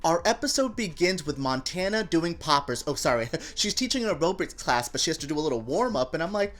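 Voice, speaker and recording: A woman's voice: deep voice, fast talker, few pauses. A woman hosting a casual TV review vlog, gossipy and campy in manner. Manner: animated, gossipy and campy, with playful voices for quotes. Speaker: TV review show host.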